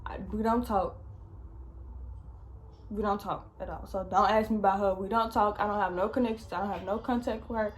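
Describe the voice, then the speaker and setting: A woman's voice: mid-range voice, fairly even intonation, a little fast, slight background noise. A young woman vlogger telling a storytime, chatty and slangy, swearing often. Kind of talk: casual storytime.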